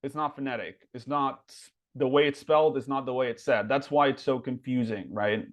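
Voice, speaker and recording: Man, native Spanish speaker, casual webinar teacher, filler-heavy chat, slow modeled words. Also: mid-range voice, fairly even intonation. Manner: chatty, many fillers, slows down to model words. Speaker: pronunciation teacher.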